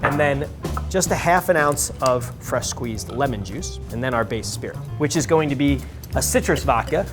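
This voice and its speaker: A man's voice: medium pitch, lively intonation, normal speed, over music. A man working as a bartender, explaining a cocktail step by step in an upbeat way. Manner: upbeat, explanatory, walks through each step. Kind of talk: cocktail demonstration.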